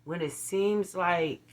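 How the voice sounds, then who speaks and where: A middle-aged woman, talking straight to her viewers in a casual vlog, earnest and blunt, often checking in with them. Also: on the low side. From Philadelphia. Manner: earnest, blunt, preachy, with frequent "you feel what I'm saying" asides. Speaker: vlogger. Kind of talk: casual direct-to-camera vlog.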